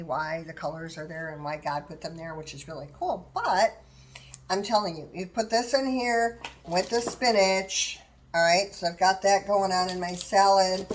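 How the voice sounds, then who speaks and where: A woman's voice: fairly low pitch, a little hiss or hum. An older woman chatting casually to viewers in her kitchen, rambling as she shares plant-based diet tips while making a salad. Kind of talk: casual how-to chat while preparing food.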